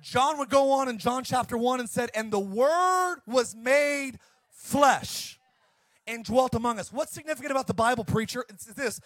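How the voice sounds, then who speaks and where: A middle-aged male pastor preaching a sermon, fired up and shouting at times, then dropping to a soft storytelling voice. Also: very high-pitched, moderate pace, dry recording.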